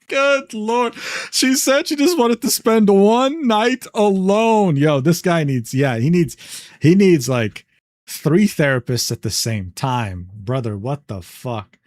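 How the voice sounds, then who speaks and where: Male streamer, reaction commentary, disbelieving and slangy, slightly high voice, dry close mic. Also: darkish tone, dry recording. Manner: incredulous, slangy, swearing, laughing in disbelief.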